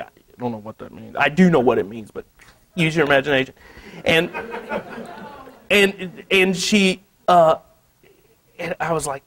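A man from Missouri, an artist telling a story at a museum talk in an animated way, laughing often and saying "you know" a lot. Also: sits high, a little slow, pauses often. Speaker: artist giving a gallery talk. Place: museum lecture space.

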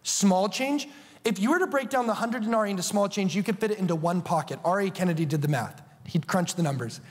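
A man preaching a sermon as a TV show host, telling the story in an animated, playful way with asides. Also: high-pitched, quick pace, long reverb tail.

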